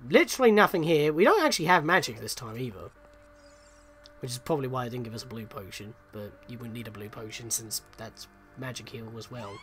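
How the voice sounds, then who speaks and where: A man's voice: mid-range voice, animated, fairly quick, music in the background. A man hosting a gaming channel, giving chatty, self-deprecating let's play commentary and reacting with surprise.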